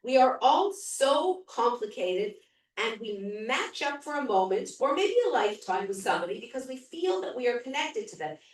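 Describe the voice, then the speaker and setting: A woman's voice: a little high, big pitch swings, moderate pace, pitched above the performer's own voice. A woman reading as an earnest, musing woman. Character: thoughtful middle-aged woman musing aloud. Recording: very echoey room from far off.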